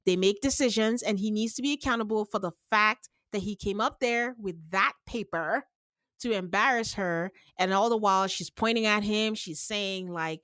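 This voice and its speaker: A woman hosting a casual podcast recap, telling the story with lively acted-out quotes. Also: moderate pace, dry recording. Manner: animated storyteller, acts out quotes with big pitch jumps. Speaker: podcast host recapping a reality show. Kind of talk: casual chat.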